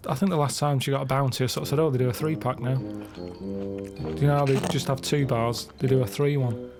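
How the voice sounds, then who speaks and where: A man telling about his day in a deadpan, matter-of-fact way during casual comic chat. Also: medium pitch, moderate pace, music in the background. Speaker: regular on a comedy podcast.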